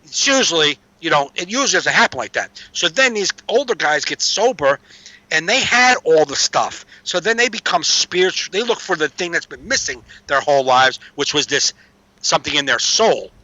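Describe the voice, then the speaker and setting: Streetwise man, casual podcast chat, bright edgy voice, dry muffled sound, slightly high. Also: lively intonation, normal speed, no room sound. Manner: streetwise storyteller, swears freely. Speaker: podcast guest.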